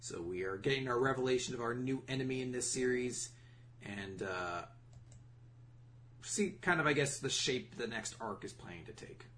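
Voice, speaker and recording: A man's voice: medium pitch, expressive, normal speed, fairly bright tone. Rambling male comics reviewer. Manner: rambling, filler-heavy summary. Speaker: podcast host reviewing comics. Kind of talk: casual review chat.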